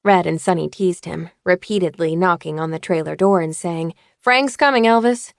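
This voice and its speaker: A woman narrating an audiobook in a measured, even reading voice. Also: on the low side, creaky, no echo, studio quality.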